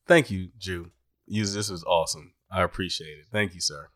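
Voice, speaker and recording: A man's voice: sits low, normal speed, a bit bright, dry recording, clean studio sound. A man hosting a podcast, upbeat and grateful, laughing often as he wraps up the show. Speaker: podcast host. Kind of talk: casual podcast chat and outro.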